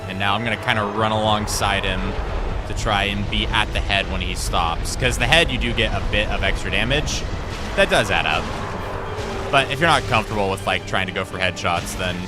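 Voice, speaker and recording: Over music, a young man streaming a game talks fairly quickly in a voice on the low side. The young adult livestreamer keeps up casual, self-deprecating banter with his chat while explaining boss tactics step by step.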